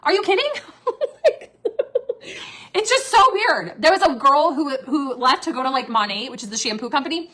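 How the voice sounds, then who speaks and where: A woman, a former network marketing leader, ranting casually and with lots of profanity, jumping between loud outbursts and low asides. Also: expressive, moderate pace. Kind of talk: casual livestream rant.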